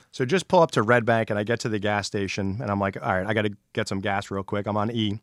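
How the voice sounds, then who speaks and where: A man's voice: fairly low pitch, fairly even intonation, fast, few pauses, a bit bright, dry recording, clean studio sound. A middle-aged man hosting a podcast, telling a story in casual chat, acting out quotes and swearing freely. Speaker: podcast host.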